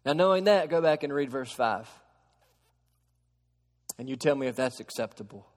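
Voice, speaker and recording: A man preaching a sermon, moving between hushed storytelling and raised, emphatic preaching. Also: medium pitch, expressive, normal speed. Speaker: pastor. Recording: long hall reverb.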